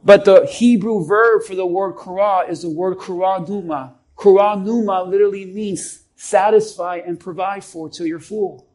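A man's voice: sits high, fairly even intonation, normal speed, few pauses, darkish tone, low-quality recording. A man preaching a sermon as a pastor, emphatic and calling on the congregation to respond.

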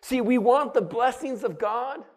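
A pastor preaching a sermon, rousing and calling on the congregation to answer him. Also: male voice, very high voice, unhurried. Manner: rousing, calls on the congregation to respond.

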